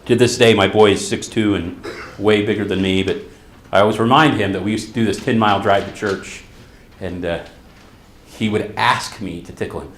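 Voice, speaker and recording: A man's voice: on the low side, moderate pace, slight background noise. Middle-aged guy giving a talk on stage, tells stories, does the voices, roomy echo. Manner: storytelling, animated, acts out quotes. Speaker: therapist. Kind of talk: conference talk. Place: conference hall.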